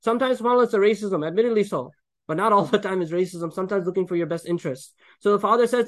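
A man preaching a sermon, explaining Quran verses with Arabic recitation, animated and joking as he acts out the people in the story. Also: high voice, very fast. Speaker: Islamic preacher.

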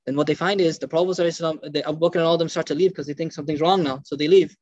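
A religious teacher gives a storytelling lecture in a fast, high male voice, animated and acting out quoted speech. The recording is dull, lo-fi and dry, with no echo.

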